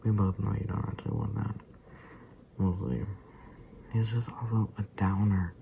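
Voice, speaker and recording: A man rambling casually to camera in a vlog, often dropping into a soft whisper. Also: fairly low pitch, steady tone, normal speed, creaky, a little hiss or hum, poor audio. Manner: loose and rambling, full of fillers and asides. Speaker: vlogger.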